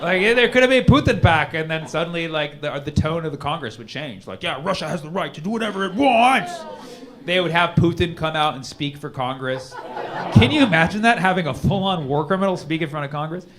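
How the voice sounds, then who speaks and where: A man's voice: a little high, a little fast, a crowd in the background. A man performing a conversational stand-up comedy set on a club stage with a handheld mic. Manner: animated, conversational, punchlines in put-on voices. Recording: live stage recording with audience noise.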